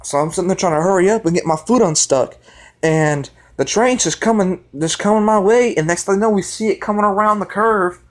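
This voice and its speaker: A young man tells a personal story on his vlog, his voice sitting a little high for a man. He rambles and gets excited, restarting his sentences as he goes. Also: brisk. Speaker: vlogger. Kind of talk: casual storytelling.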